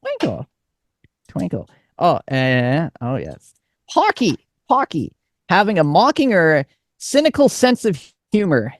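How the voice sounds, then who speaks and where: An amused radio co-host reads out odd old words and their meanings. The voice is mid-pitched and sits close and dry, with no room sound around it. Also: wildly swooping pitch, a little slow, dry recording. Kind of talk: casual radio chat. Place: radio studio.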